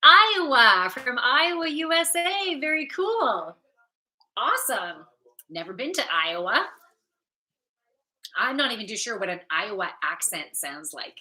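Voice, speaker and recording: A woman's voice: a little high, big pitch swings, measured pace, pushed and bright. A woman from Ontario, Canada, chatting casually with viewers on a livestream as a yoga teacher and intuitive reader. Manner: upbeat and chatty, greets viewers by name.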